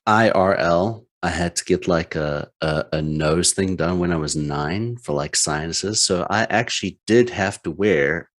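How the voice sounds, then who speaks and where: A man's voice: sits low, unhurried, few pauses. A man at a tabletop game chatting casually, rambling with fillers as he tells an aside. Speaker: player. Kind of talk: casual chat.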